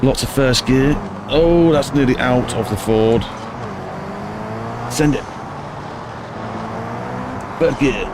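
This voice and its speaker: A man streaming a racing game, chatting excitably and reacting to every turn of the race. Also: medium pitch, takes it slowly, pauses often. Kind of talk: live racing game commentary. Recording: loud game car noise underneath. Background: loud racing car engine noise.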